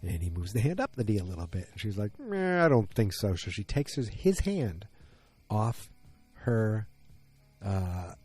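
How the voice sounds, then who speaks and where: A man's voice: lowish voice, sing-song, a little slow, warm tone, husky, faint music behind. A man from Massachusetts giving a rambling, casual recap of a TV episode, acting out characters' lines in little voices.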